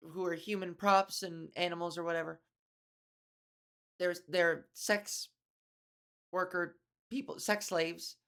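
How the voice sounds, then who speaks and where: A woman's voice: medium pitch, gravelly, fairly bright tone. A woman comedian hosting her own podcast, rambling in a casual, profane monologue with many restarts and asides.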